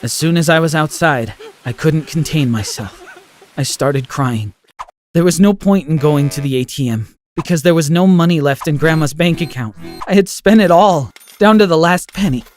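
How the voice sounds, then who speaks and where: A man narrating an animated first-person story in an emotional, expressive way. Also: on the high side, moderate pace.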